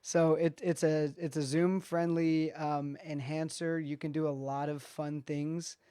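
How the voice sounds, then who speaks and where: A guest speaker calmly explaining practical studio gear in a casual video call chat. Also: medium pitch, measured pace, clean tone. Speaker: guest expert. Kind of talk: casual tech advice chat.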